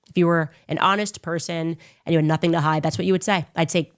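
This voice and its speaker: With fairly even intonation and a quick pace, a woman hosting her own commentary show gives a combative, emphatic opinion monologue. She sarcastically mocks others, doing impressions of them in a high, raised voice.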